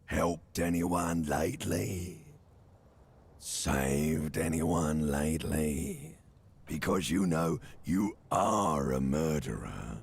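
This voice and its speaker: A man voicing an ancient, primal reptilian brain in a video game, speaking slowly with a taunting, ominous manner and a gravelly rasp. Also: rumbling low, full character voice.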